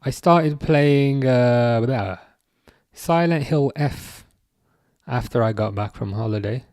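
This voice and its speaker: A young man hosts a casual live chat, reading viewers' messages and replying with easy, rambling remarks that often restart mid-sentence. His voice is warm and mellow at a middling pitch. The sound is dry and close. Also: takes it slowly, no room sound. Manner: reads chat messages aloud and answers viewers; chatty, self-correcting, repeats words. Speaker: live stream host.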